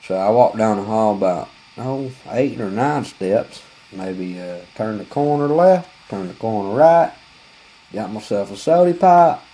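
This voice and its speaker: A man's voice: on the low side, expressive, a little slow, mellow, rough recording. A man, telling a rambling, folksy, profane comic story full of fillers.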